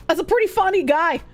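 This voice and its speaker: A woman streamer in casual chat, reading out donations with giggly laughs, loud outbursts and swearing. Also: extremely high pitch. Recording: faint music behind voice.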